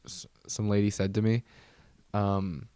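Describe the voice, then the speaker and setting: A man's voice: fairly low pitch, little pitch movement, unhurried, mellow, smooth, no echo. A man hosting a casual solo podcast, rambling, with many restarts and trailing fillers. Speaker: podcast host.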